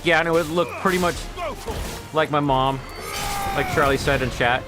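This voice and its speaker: A man streaming a game while telling a long, rambling story in casual chat, with quick asides to his viewers. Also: a little high, steady tone. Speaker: gaming streamer. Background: faint game music.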